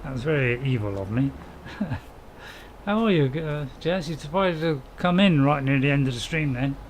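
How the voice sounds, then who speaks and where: A man's voice: fairly high pitch, animated, normal speed, a little hiss or hum, poor audio. A middle-aged man, chatting casually and joking while streaming a farming game and answering his viewers' chat. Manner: chatty, jokey, chuckling, reading chat aloud. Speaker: gameplay streamer. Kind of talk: casual live-stream commentary.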